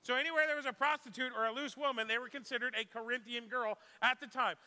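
Pastor guy giving a casual sermon, high bright voice, long hall echo. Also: steady tone, fast talker. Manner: conversational, asks the congregation questions. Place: church sanctuary.

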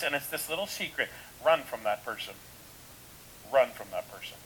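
A man's voice: medium pitch, lively intonation, normal speed, pushed and bright, slight background noise, low-quality recording. A man preaching a sermon in a casual, conversational way, full of rhetorical questions and restarts. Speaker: pastor.

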